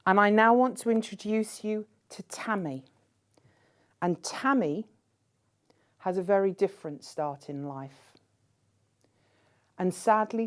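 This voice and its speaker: A woman giving a conference keynote speech in a measured way, posing rhetorical questions to the audience. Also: on the low side. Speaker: keynote speaker.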